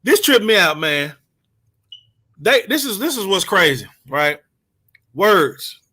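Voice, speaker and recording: A man talks in casual chat, telling a story with a lot of animation and laughing as he goes. His voice sits high and sounds bright and forceful, and he sometimes stops to hunt for a word. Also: slow pace, slightly rough. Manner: animated storyteller, laughs often, searches for words. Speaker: co-host.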